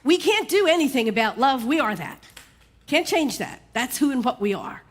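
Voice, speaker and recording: A woman minister with a fairly high voice, preaching a sermon. Her manner is conversational and humorous, and she keeps checking in with the congregation with a quick "right?". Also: sing-song, slight background noise.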